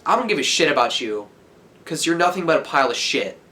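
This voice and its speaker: A teenage guy's voice sitting a little high for a man, heated and full of swearing. He rants straight into the camera and yells at it. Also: sing-song, fast talker. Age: teens. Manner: heated, profane, yelling. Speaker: vlogger. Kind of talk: angry rant to camera.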